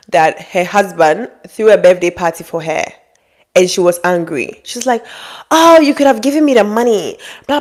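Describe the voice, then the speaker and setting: A woman talking straight to her audience with relationship advice, bluntly scolding and acting out quoted people in high mock voices. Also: darkish tone. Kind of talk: direct-to-camera advice monologue.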